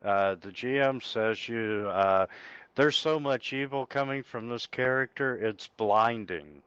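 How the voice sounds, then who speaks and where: A man's voice: mid-range voice, a little slow, fairly bright tone, clear, resonant tone, no room sound, muffled recording. A man running a tabletop game as game master over voice chat, laid-back and teasing.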